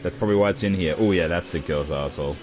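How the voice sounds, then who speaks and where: A man's voice: low voice, fast talker, darkish tone. A young man, chatting casually and crudely while unboxing, swearing a lot and calling everyone dude and bro. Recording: dull lo-fi audio with faint music.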